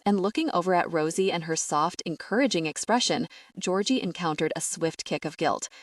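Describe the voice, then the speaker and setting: Audiobook narrator, woman, low voice, animated delivery, dry close studio sound. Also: brisk, no echo. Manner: expressive storytelling. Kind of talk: scripted narration.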